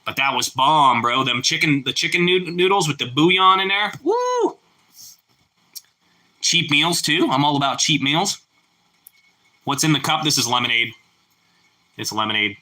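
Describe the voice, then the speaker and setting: Bright-voiced man chatting on a livestream. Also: fairly high pitch, normal speed. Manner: relaxed, chatty, exclaims "woo" over food. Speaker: livestream host. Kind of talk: casual live chat with viewers.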